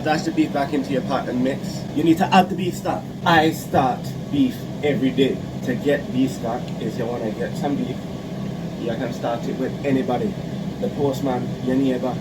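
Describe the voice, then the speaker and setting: A man joking his way through a casual cooking demo in his small home kitchen, deadpan and swearing freely. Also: medium pitch. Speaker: home cook hosting a cooking video. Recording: loud fan noise in a small kitchen. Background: extractor fan hum.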